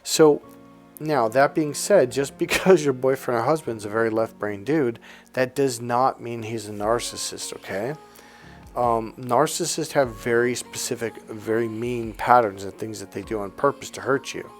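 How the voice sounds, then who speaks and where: A man talks to his viewers in a loose, slangy way, jumping into little acted-out dialogues as he explains. His voice sits at an ordinary pitch, and soft music plays faintly underneath. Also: normal speed. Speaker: relationship coach. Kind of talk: casual monologue to camera.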